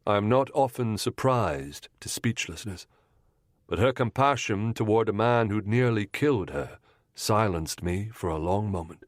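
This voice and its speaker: A man reading a first-person audiobook with a low voice. His delivery is measured and composed. The recording is dry and close, with no echo. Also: lively intonation. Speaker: audiobook narrator. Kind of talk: scripted first-person narration.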